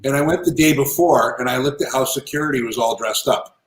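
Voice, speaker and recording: A man telling lively business anecdotes as an interview guest, in a casual, animated manner. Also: medium pitch, a little fast. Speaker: guest, entrepreneur and author. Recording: roomy echo.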